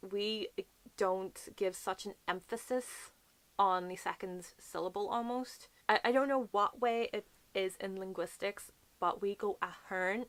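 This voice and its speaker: A young Northern Irish woman talks through a casual book vlog in a bright, clear voice. She explains patiently and slows down to repeat words. The sound is dry and close, with no room behind her. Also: mid-range voice, dry recording. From Northern Ireland. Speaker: book vlogger.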